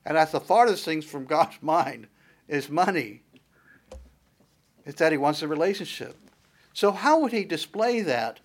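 A middle-aged man delivers a sermon from the pulpit. His voice sits a little higher than most men's, and he builds each point with repeated rhetorical questions in a steady preaching cadence. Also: unhurried, long pauses. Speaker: pastor.

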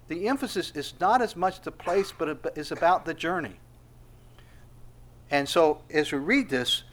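A middle-aged man preaching an expository sermon, rising to loud emphatic peaks and falling to soft asides. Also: on the high side. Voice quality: laughs softly between points. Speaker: pastor.

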